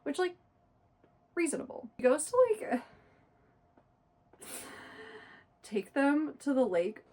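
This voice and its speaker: A woman's voice: sits high, big pitch swings, a little mellow. A woman giving a casual, exasperated book review rant. She leans hard on "like" and "literally". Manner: talks fast and loose, leaning hard on "like" and "literally"; exasperated and indignant.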